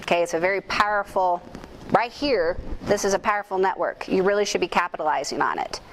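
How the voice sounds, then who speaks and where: A middle-aged woman speaking at a conference, telling a personal story in a candid, self-deprecating, animated way. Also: lowish voice, fairly quick, slight background noise. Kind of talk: storytelling keynote talk. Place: conference room.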